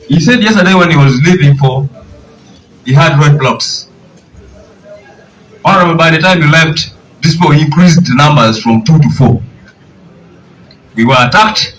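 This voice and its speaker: A man's voice: on the high side, fairly bright tone, a little hiss or hum. A man with a Ugandan English accent, a party official speaking indignantly at a press conference with rhetorical questions. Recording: distant mic, faint outdoor ambience.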